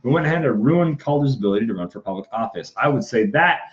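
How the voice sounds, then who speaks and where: A man's voice: mid-range voice, animated, fast talker. A young man chatting casually on a livestream while making a prop in an indoor workshop, self-deprecating and given to muttering and whispering to himself. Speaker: prop maker livestream host. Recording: muffled stream audio with faint noise.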